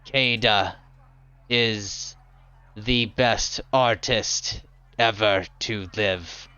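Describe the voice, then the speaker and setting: A man voicing a terse male stone gargoyle who speaks in slow, flat, few words. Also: lowish voice, smooth, muffled recording, voice pushed down, exaggerated voice.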